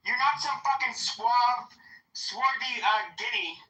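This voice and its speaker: A woman's voice: fairly high pitch, slow, pushed and bright. A woman hosting a heated online audio room, talking in a combative, profane and taunting way. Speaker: host. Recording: roomy echo, online audio chat.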